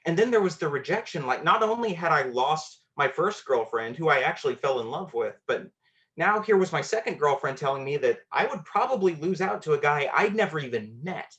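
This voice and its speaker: A man's voice: on the high side, lively intonation, brisk, a bit bright. Conversational male storyteller. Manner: conversational, self-deprecating, with filler words. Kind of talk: personal storytelling on a live show.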